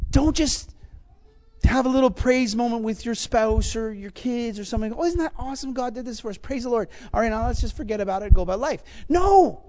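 A man with a notably high voice preaches with mounting passion. He swings between quiet, reflective stretches and loud, urgent calls to his listeners. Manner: passionate, rising to fervent exhortation. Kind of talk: sermon.

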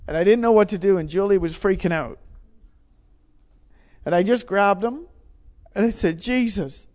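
A man's voice: high voice, normal speed, a little mellow. A middle-aged man preaching, telling a personal story with emphatic, repeated phrases. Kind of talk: sermon testimony.

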